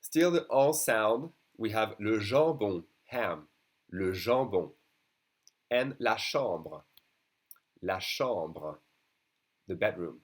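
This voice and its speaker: A young man from France with a French accent, teaching a beginner language lesson and patiently repeating words slowly for practice. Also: on the low side, expressive.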